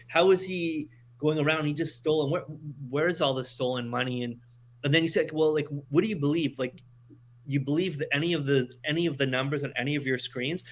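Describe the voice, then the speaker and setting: A man from Montreal chatting casually on a podcast, telling stories with lots of restarts and repeated words. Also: fairly high pitch. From Montreal, Canada. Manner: animated storytelling with many restarts.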